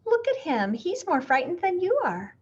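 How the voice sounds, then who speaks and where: A woman's voice: very high-pitched, wildly swooping pitch, moderate pace, darkish tone, lo-fi sound, pitched above the performer's own voice, full character voice. A woman voicing a kindly, motherly woman who reassures others in a fretful way, in a storybook reading. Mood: reassuring. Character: kindly, motherly woman caring for her pet. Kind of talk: storybook read-aloud.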